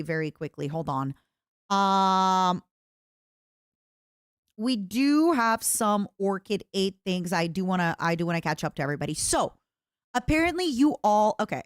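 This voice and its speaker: Animated woman streamer, dry close sound. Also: mid-range voice, no room sound. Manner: rambling, animated, with repeated restarts. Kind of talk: casual livestream chat.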